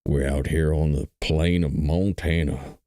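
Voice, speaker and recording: A man putting on a slow, deep, folksy voice as a rugged male steakhouse commercial announcer. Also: fairly even intonation, warm tone, no echo, studio quality.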